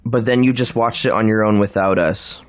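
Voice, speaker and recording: A man's voice: fairly low pitch, fairly even intonation, a little fast. A man from Canada chatting casually while he plays a video game, rambling, laughing often and slipping into impressions. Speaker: streamer playing a video game. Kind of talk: casual chat while gaming.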